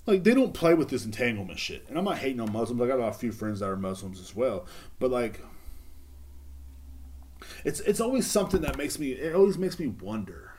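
A man's voice: medium pitch, big pitch swings, fairly quick, darkish tone. A young man, ranting casually and profanely on his own podcast, rambling with many restarts. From Texas. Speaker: podcast host. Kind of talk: casual solo rant.

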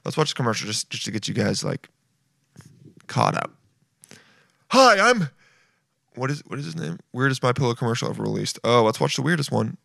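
A man's voice: mid-range voice, quick pace, creaky, a bit bright, no room sound, studio quality. Crude, mocking young male podcast host. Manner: crude, mocking, riffs in acted voices. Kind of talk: casual comedic chat.

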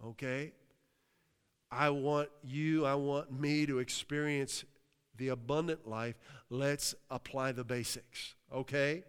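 Speaking slowly in a clean, medium-pitched voice with fairly even intonation, this pastor from Western Pennsylvania delivers his sermon. Hallelujahs punctuate his preaching, he asks the crowd questions, and the recording carries a long hall reverb.

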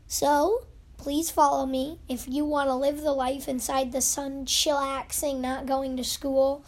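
A woman's voice: high-pitched, flat delivery, unhurried. A young girl rambling playfully as the host of her own pretend podcast, acting out little scenes. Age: child. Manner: rambling, goofy, acts out scenes.

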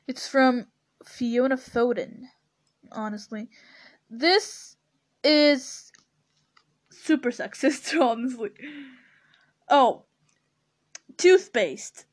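High-voiced young woman, laughing commentary. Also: slow pace, long pauses. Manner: animated, laughs often and hard. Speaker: podcast host. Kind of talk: casual commentary.

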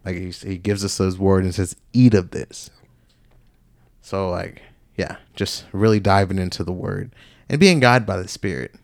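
Low-voiced man, earnest podcast talk. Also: fairly even intonation, normal speed, vocal fry, no room sound. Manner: earnest, many filler "like"s. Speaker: podcast co-host. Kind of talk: casual faith discussion.

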